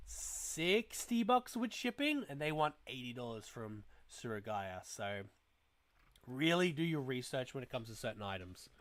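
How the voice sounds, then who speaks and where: Young Aussie male streamer, casual and rambling, mid-pitched, chatty asides. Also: dry recording. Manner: rambling, talks to chat while browsing, mutters asides. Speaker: toy review livestream host. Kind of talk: casual livestream chat.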